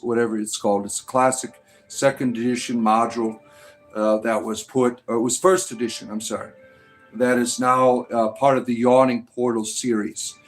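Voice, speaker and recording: A man hosting a casual livestream, rambling through answers with lots of fillers and playful sarcasm toward the chat. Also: mid-range voice. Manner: rambling, full of fillers and "right?". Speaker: livestream host.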